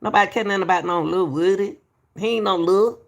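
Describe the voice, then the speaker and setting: Woman, gravelly voice, reaction commentary, repeats herself, says baby. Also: medium pitch, a little fast. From Atlanta, US. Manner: repetitive, emphatic, calls people baby. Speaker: YouTube commentator.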